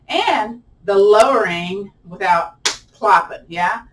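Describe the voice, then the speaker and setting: A woman's voice: medium pitch, moderate pace, far from the mic. A woman with a lilt talks students through a strap yoga class in a chatty, playful way. She laughs often, and her voice jumps up when a stretch gets hard. She sits a little way from the mic, with a faint hiss in the background. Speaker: yoga instructor. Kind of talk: chatty guided exercise class.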